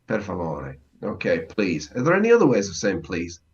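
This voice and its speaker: A man's voice: sits low, wildly swooping pitch, fairly quick, dull audio. A man co-hosting a casual podcast lesson as the learner, curious and hesitant, often restarting sentences. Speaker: co-host and learner.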